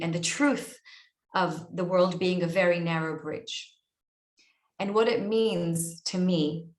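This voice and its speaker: A woman with an Israeli accent and a lowish voice speaks earnestly in an online interview, her sound roomy. An author and coach, she often repeats words while searching for the right phrasing.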